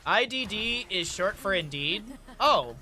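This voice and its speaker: Bright, high-voiced excitable male caster. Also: a little slow, slight background noise. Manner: excitable, rises sharply on big plays; chatty, jokes with viewers between plays. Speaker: esports caster. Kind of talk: solo play-by-play commentary with chat asides.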